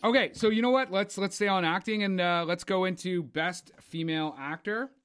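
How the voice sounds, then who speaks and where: A man's voice: sits high, normal speed, a bit bright, clean tone. A man chatting casually about film awards, rambling with lots of fillers. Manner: rambling, filler-heavy, enthusiastic. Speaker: co-host.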